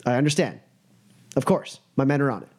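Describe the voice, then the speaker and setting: A man's voice: medium pitch, big pitch swings, brisk, a little mellow. A man voicing a nervous, apologetic male security chief who stammers and keeps saying sir. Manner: stammering, deferential, full of sirs.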